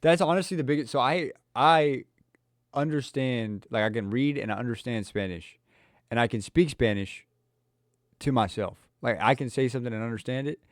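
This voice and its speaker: A man's voice: mid-range voice, normal speed, dry recording, studio quality. A young man with a Louisville, Kentucky accent, chatting casually on a podcast, running his sentences together and swearing freely. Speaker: podcast host.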